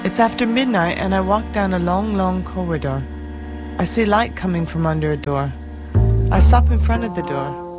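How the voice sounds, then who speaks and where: A woman plays a woman recounting her dream step by step, her voice set low. Music plays clearly underneath. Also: normal speed, natural voice. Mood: dreamy. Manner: matter-of-fact storytelling. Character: adult woman telling her dream, indignant. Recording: music playing behind.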